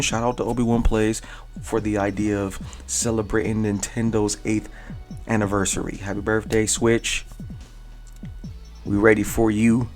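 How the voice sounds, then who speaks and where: A man's voice: lowish voice, darkish tone. Young male gaming vlogger, casual and hyped, heavy slang, lots of repeated words for emphasis. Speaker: gaming YouTuber, host. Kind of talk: casual enthusiastic storytelling to camera.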